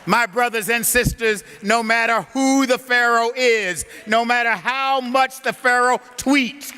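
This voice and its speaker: A man preaching an animated storytelling sermon that builds to a rousing close, recorded in a large conference hall. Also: very high voice, measured pace, few pauses, clean tone.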